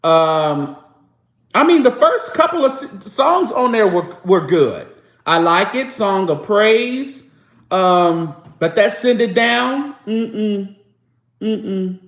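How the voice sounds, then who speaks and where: Host, man, high voice, unhurried, chatty gospel-music talk with sung snippets, echoey room. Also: lively intonation, a bit bright. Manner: chatty, breaks into snatches of singing. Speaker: show host. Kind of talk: casual live-stream chat about gospel music.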